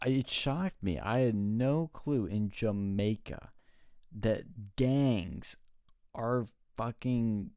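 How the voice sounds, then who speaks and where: A man co-hosting a casual talk show, telling stories excitedly and swearing often. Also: lowish voice, drawn-out words, creaky, dry recording, studio quality. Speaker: co-host. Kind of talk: casual chat.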